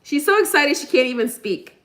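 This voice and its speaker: A woman with a high, bright voice works as a medium in a live reading. She talks in a loose, halting way, full of fillers and restarts, as she relays the spirits' messages. Her tone stays chatty and eager. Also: very animated. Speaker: psychic medium.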